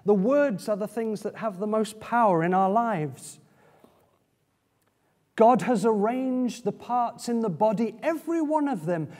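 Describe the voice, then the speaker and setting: High-voiced man preaching in a reverberant church. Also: animated, a little slow, darkish tone. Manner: conversational preaching with asides and restarts. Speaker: pastor. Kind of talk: sermon. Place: church hall. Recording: church hall with long reverb.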